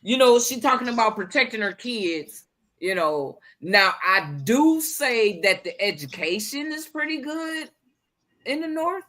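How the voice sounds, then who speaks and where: A woman's voice: mid-range voice, a bit bright. A woman in a casual chat, giving her frank opinions.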